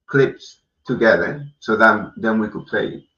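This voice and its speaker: A man hosting a casual chat, speaking haltingly with restarts. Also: lowish voice, sharp tone, a little hiss or hum. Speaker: host. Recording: dull, roomy, far from mic.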